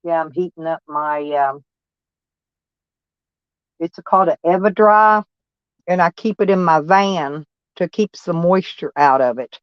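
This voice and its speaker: A woman's voice: on the low side, measured pace, long pauses, clean tone, no room sound. Chatty folksy woman on a dull stream. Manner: chatty, folksy, answers chat comments by name; blunt, peppered with mild cursing. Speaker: live-stream vlogger. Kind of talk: casual live-stream chat with viewers.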